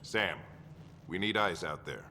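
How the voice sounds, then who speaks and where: An actor playing a stern, gruff older expedition commander who lays out protocol with a gravelly voice in a video game. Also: male voice, a little slow, bright, forceful tone, full character voice. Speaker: pathfinder and expedition leader. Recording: reverberant game audio with rumble.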